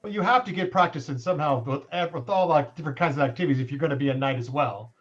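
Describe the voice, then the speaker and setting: A man playing in a tabletop game over a call, relaxed and hesitant, saying "like" often. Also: a little high, very fast, lo-fi sound. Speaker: player.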